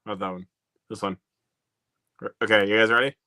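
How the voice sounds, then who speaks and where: A man's voice: lowish voice, fairly even intonation, a little fast, sharp tone, clear, resonant tone, no echo. A man chatting casually on a video call, laughing often and hesitating with fillers. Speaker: host of a video call hangout. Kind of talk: casual chat.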